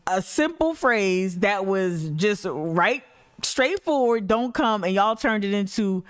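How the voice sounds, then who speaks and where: A woman's voice: mid-range voice, expressive, unhurried, no room sound. Blunt woman ranting, dry sound. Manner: blunt, sarcastic, profane. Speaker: livestream host. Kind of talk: heated commentary reacting to clips.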